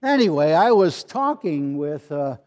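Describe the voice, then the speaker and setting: An older man, a retired pastor, preaching a sermon with gently humorous storytelling and voices for the people in his anecdotes. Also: a little high, sing-song, a little slow.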